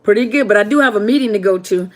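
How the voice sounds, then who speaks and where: A woman's voice: mid-range voice, quick pace. A woman hosting a live question-and-answer stream, chatting casually and greeting viewers one by one by name.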